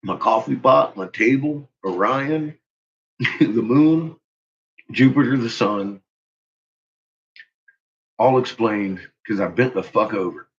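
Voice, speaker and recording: A man's voice: medium pitch, slow, pauses often. A man hosting a casual, mocking commentary, swearing freely and breaking into laughter as he ridicules what he watches. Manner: profane, laughs often, ridiculing. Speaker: channel host. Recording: muffled lo-fi audio.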